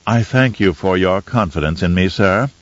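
A man voicing a fussy, pedantic male etiquette advisor with a smooth, silky voice and overly proper, theatrical manner in an audiobook. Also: deep voice, moderate pace, dry recording, highs cut off. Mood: prim, instructive. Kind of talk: audiobook character reading.

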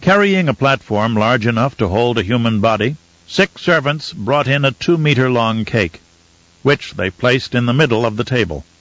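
A man narrating a novel in a measured storytelling manner. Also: medium pitch, animated, fairly bright tone, dry recording. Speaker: audiobook narrator. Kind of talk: scripted audiobook narration. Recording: slightly muffled dry recording.

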